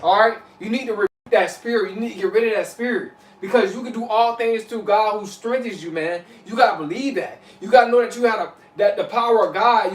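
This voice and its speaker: A man's voice: high-pitched, fairly bright tone. Echoey casual man giving spiritual advice. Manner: loose, repetitive, keeps saying "you know what I'm saying". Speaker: vlogger. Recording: echoey room, mic at a distance.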